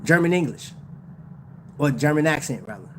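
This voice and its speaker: Man, high voice, slangy, laid-back livestream chat, laughs a lot, faint background noise. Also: lively intonation, normal speed, a bit bright. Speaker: watch channel host.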